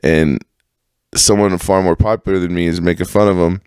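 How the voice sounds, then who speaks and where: A man's voice: low-pitched, moderate pace, smooth, dry recording, clean studio sound. A man hosting a podcast alone, telling old stories in a rambling, profane, casual way and mimicking other people's voices. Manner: profane, rambling, animated when quoting others. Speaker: podcast host. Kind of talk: casual storytelling monologue.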